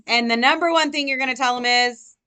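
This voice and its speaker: A woman nursing tutor lecturing a live class, firing rapid questions at her students. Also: sits high, sharp tone, clean tone.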